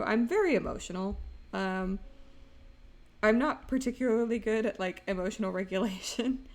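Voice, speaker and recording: A young woman streaming while she draws, chatting in a rambling, emotional way, laughing often and swinging from loud exclaims to quiet asides. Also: medium pitch. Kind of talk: casual stream chat while drawing.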